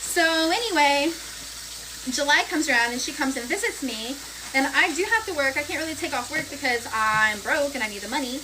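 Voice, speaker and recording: A woman's voice: sits high, expressive, fairly quick, background noise. A young woman telling a casual storytime in a frank, rambling way, swearing freely. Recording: loud frying and sizzling behind voice.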